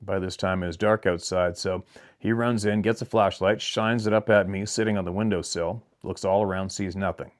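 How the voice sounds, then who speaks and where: A man hosting a channel, reading a viewer's letter aloud in a plain, steady storytelling way with brief asides of his own. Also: sits low, moderate pace. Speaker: channel host.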